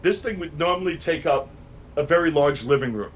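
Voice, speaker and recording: An older man from New York, a musician guest in a home studio full of gear, telling animated, rambling stories with many restarts over a video call. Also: a little high, a little fast, slight background noise.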